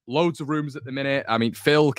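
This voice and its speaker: A man's voice: medium pitch, brisk, no echo, studio quality. A young man from the north of England, hosting a football fan channel in chatty, jokey, rambling talk to camera. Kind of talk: casual chat to camera.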